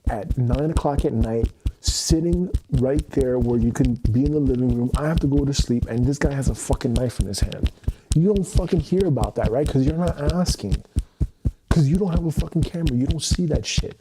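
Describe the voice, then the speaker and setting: Angry swearing young man on a stream. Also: mid-range voice. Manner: angry, heavy swearing, repeats himself. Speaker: livestreamer. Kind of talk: emotional livestream monologue. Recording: noisy stream audio.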